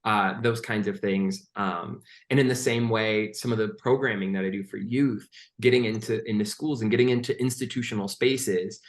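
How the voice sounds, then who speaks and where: A man's voice: lowish voice, fairly even intonation, moderate pace. A man speaking earnestly on a conference panel about youth and art, with many fillers and restarts. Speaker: panelist, poet and youth arts worker. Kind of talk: panel discussion.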